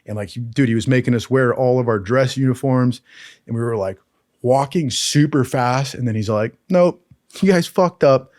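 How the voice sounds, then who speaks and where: A man's voice: medium pitch, steady tone, normal speed, a little mellow, dry recording, studio quality. A man casually telling crude, profane stories from his military training, with a laid-back manner and lots of "dude". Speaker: storyteller recalling military training.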